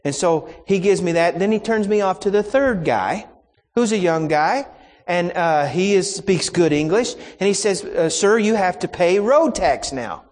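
Preacher guy telling a travel story in his sermon, kinda high voice, big echoey church hall. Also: expressive, a little slow. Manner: folksy anecdotal telling with quoted exchanges.

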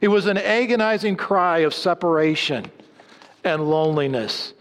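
A man preaching a sermon, swinging between emphatic lines and low, hushed endings. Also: normal speed. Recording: long hall reverb.

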